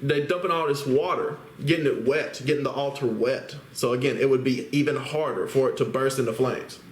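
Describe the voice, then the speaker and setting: Speaking at medium pitch and a little fast, this man reads Bible passages aloud and then explains them conversationally, frequently tossing tag questions to his audience. There's a slight hiss or hum, and the room echoes.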